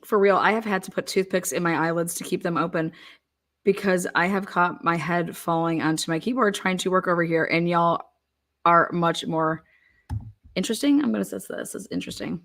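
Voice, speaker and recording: A woman's voice: lowish voice, flat delivery, moderate pace, fairly bright tone. A woman hosting a livestream, chatting casually with her viewers and giggling often. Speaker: livestream host. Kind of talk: casual chat over a courtroom livestream.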